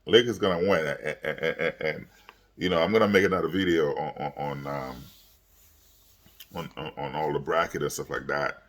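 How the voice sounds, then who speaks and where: Tired, rambling deep-voiced man. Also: normal speed, a bit bright. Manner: rambling, many fillers and repeated words. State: tired, yawning late at night. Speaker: sports vlogger. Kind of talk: casual sports commentary vlog.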